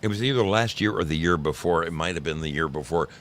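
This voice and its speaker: A man's voice: deep voice, fast talker, a bit bright, a little hiss or hum. A man in his sixties from New Jersey, hosting a livestream and chatting casually with viewers, teasing and rambling through stories. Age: 60s. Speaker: livestream host. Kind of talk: casual chat with live chat viewers.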